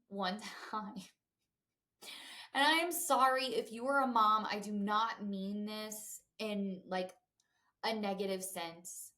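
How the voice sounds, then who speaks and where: A woman's voice: mid-range voice, fairly bright tone. Young woman podcast host, lilt, candid and chatty, mid-range voice. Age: 20s. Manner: chatty and candid, lots of fillers and asides to listeners. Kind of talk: casual chat.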